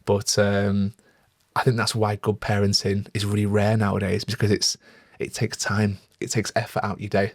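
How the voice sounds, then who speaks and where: Low-voiced man, reflective. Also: monotone, moderate pace, no echo, clean studio sound. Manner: earnest, reflective storytelling with frequent fillers. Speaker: podcast co-host. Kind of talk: casual chat.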